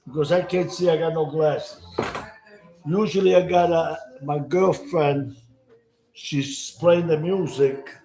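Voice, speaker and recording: A man's voice: a little high, a little mellow, echoey room. Chatty Italian-accented man cooking. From Italy. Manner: rambling, chatty, broken English, talks while cooking. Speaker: home cooking show host. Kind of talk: casual cooking chat to camera.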